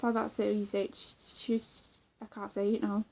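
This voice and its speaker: A woman's voice: on the high side, steady tone, normal speed, few pauses, darkish tone. A young woman chatting casually in a vlog, rambling with lots of fillers, restarts and giggles. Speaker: vlogger. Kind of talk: casual chat.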